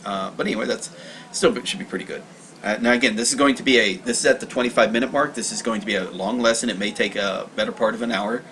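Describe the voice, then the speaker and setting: A man with a fairly low voice talks through a study lesson on a casual livestream. He reads passages aloud and explains them, rambling and correcting himself as he goes. A faint hiss sits under the recording. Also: fast talker, fairly bright tone, rough recording.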